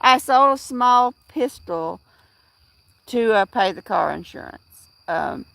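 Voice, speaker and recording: Woman, middle-aged, livestream chat, slow hesitant speech, dry close mic. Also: fairly high pitch, lively intonation, creaky, fairly bright tone, no echo. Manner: rambling, halting, with many fillers and restarts; replies to chat viewers by name. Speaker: livestream host.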